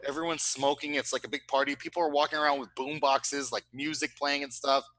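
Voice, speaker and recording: A man spins a wild story in casual conversation, his voice bright and slightly high for a man. He talks in an animated, profane rush, checking in with his listener as he goes. He is heard through a remote call mic. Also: a little fast, low-quality recording. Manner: animated, profane, with frequent tag questions. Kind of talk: casual anecdote telling.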